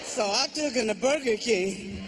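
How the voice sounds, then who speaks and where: A man telling a stand-up comedy story, animated and laughing along, over audience laughter. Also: extremely high pitch, measured pace, soft background music.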